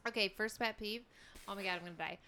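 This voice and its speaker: A woman guest on a podcast, playful and teasing, with quick quips in casual banter. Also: medium pitch, a loud crowd.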